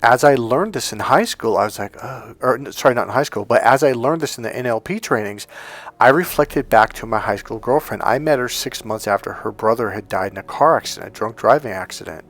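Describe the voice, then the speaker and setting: A man's voice: mid-range voice, lively intonation, a little fast, fairly bright tone. A man speaking as a dating coach in a persuasive, emphatic monologue to his viewers. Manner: emphatic, persuasive, acts out quoted voices.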